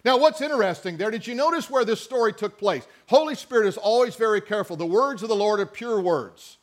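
A man's voice: high-pitched, expressive, fairly quick. A man preaching a sermon, reading scripture and mixing in conversational asides and questions to the congregation. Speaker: pastor.

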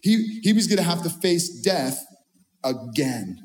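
A man with a high voice delivers an emphatic sermon, leaning on repetition and rising intensity. His words carry a long reverb, as if spoken in a large echoey hall. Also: sing-song, measured pace, darkish tone. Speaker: pastor.

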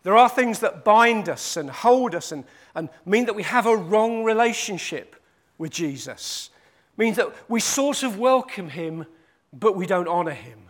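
A man's voice: sits high, lively intonation, a little slow. A man preaching a sermon. He repeats his points for emphasis and acts out the quoted voices.

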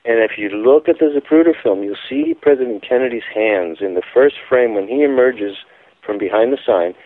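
A man's voice: medium pitch, a little fast, no room sound. A man giving a phone-in radio interview, telling his account in an emphatic, insistent way. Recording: tinny phone line, dry.

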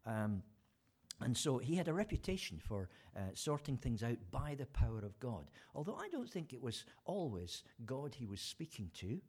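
Guy preaching casually, husky, lots of ums and uhs, voice bouncing all over. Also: mid-range voice, very animated, moderate pace, a little mellow. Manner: chatty storytelling, many fillers and restarts, acts out quotes. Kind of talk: informal sermon.

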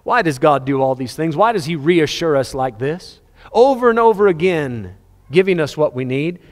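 A man preaching a sermon with passion, rising to loud appeals and dropping to hushed, low passages. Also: expressive, normal speed. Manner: impassioned, swinging between loud high-pitched appeals and hushed low passages. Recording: long reverb of a large hall.

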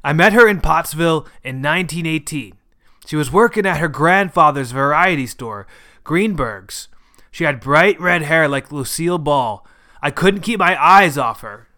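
A man voicing a gruff, hard-drinking old grandfather who hollers defiantly. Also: a little high, lively intonation, normal speed, sharp tone. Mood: reminiscing. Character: gruff old male grandfather, drunk junk dealer.

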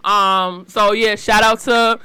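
Blunt New York woman guest, clear voice, casual and slangy. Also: mid-range voice, fairly even intonation, slow pace, bright, forceful tone, no room sound. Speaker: guest, fashion designer. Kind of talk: casual podcast chat.

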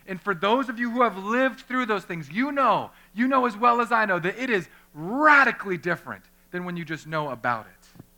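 A man, a pastor, preaching a lively sermon, talking straight to his congregation and acting out little scenes. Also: sits high, normal speed. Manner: conversational, addresses the congregation directly; animated, acts out little scenes.

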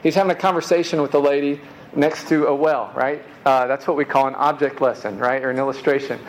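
A man's voice: medium pitch, steady tone, fast, slight background noise, low-quality recording. A man preaching a sermon in a casual, conversational way, dropping "man" and "right?" asides and repeating words as he restarts.

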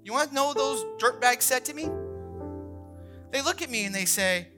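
A man in his thirties, a pastor, preaching a sermon that opens with a personal story, animated and acting out the people he quotes. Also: very high-pitched, moderate pace, music in the background. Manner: animated storyteller, acts out quoted voices, many fillers like "like".

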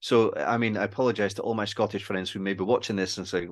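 A man, a film director and guest, talking in a casual interview, rambling and self-deprecating, halting and restarting often. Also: on the low side. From Wales.

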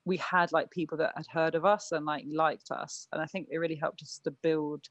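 A woman's voice: low-pitched, steady tone, a little fast, dry recording. Chatty woman musician, dry sound. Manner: chatty, lots of "like" and "um", self-correcting. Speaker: guest, punk band musician. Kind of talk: casual interview chat.

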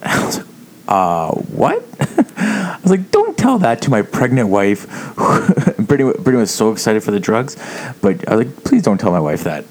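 Over some background noise, a man with a mid-range voice at normal speed chats casually. A laid-back storyteller, he tells funny stories and quotes people in lively bursts.

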